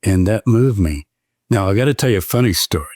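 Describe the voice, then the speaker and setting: A man's voice: lowish voice, brisk, no room sound, clean studio sound. A man in his seventies, a guest scholar telling anecdotes in a conversation, who slips into the voices of the people he quotes. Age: 70s. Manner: lively, quotes others in voiced asides. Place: indoors, in-person conversation.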